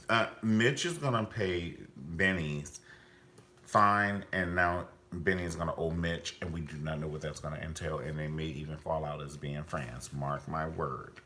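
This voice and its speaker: A man's voice: deep voice, sharp tone, a little hiss or hum. A man reviewing a TV series in a vlog, blunt and profane, swinging theatrically up and down as he rants. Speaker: TV show reviewer. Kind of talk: ranting commentary vlog.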